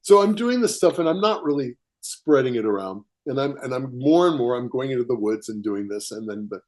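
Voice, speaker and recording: A man, a writer, telling a personal story as a podcast guest, animated and chuckling as he acts out quotes. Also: medium pitch, fairly quick. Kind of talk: casual storytelling interview.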